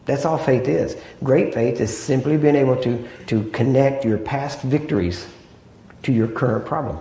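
A man's voice: mid-range voice, normal speed, warm tone. A man preaching a sermon in an easy, conversational way, often asking "Amen?" and "right?" to draw agreement. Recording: echoey room.

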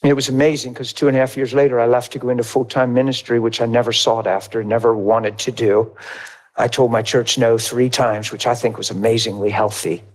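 A middle-aged man preaching, telling his testimony in a lively, conversational way and acting out dialogue. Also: mid-range voice, a little fast. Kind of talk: testimony sermon, storytelling.

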